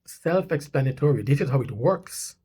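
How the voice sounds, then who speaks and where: Husky insistent man commentator. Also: mid-range voice, lively intonation, normal speed, mellow. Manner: insistent, repeats points, rising emphasis. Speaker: channel host. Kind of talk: commentary on news clips. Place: Canada.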